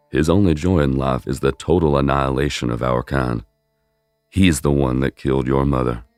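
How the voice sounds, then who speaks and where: A man playing a loving middle-aged wizard father who speaks earnestly and gently. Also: very deep voice, dry recording, clean studio sound, voice pushed down.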